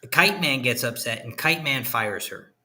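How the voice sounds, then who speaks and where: Dude on a podcast recapping an episode, super bright voice, mid pitch. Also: male voice, measured pace. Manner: animated plot retelling with acted quotes. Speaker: podcast co-host. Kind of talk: casual review chat.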